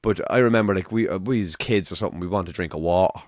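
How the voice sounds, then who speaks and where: A man with a Navan Irish accent banters as a guest, swearing and telling stories. His voice is fairly low. The recording is dry and close. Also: racing, no room sound. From Ireland. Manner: swearing, friendly banter, anecdotes. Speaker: podcast guest. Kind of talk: casual podcast chat.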